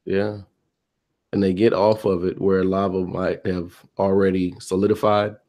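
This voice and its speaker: A man's voice: low-pitched, flat delivery, unhurried, a little mellow. A man co-hosting a casual talk show, laid-back and laughing often. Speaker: podcast co-host. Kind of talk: casual chat.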